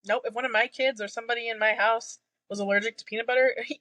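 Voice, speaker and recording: A woman's voice: on the high side, fairly even intonation, fast talker, bright, forceful tone, no room sound. A woman in her thirties co-hosting a podcast, chatting casually about a book, blunt and swearing freely, laughing often. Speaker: podcast co-host. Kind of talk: casual book discussion chat.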